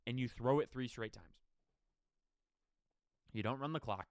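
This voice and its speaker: A man hosting a sports podcast, giving an opinionated, rapid-fire solo rant full of rhetorical questions. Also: medium pitch, no echo, clean studio sound.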